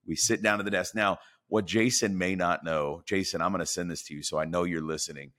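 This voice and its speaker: A man's voice: sits low, steady tone, brisk, a bit bright. A man in his forties, a podcast guest, telling a career story and acting out the dialogue with animation.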